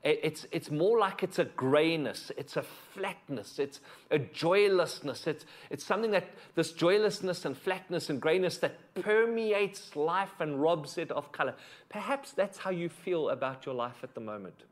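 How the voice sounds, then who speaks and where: Pastor with a higher voice. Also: male voice, animated, normal speed. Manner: swings from emphatic to hushed and intimate. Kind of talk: sermon.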